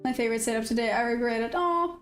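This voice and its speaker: A woman's voice: on the high side, fast talker. Chatty South African woman streamer. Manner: chatty, reads and answers viewer comments while trading. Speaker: day-trading livestream host. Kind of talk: casual live-stream chat. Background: faint background music.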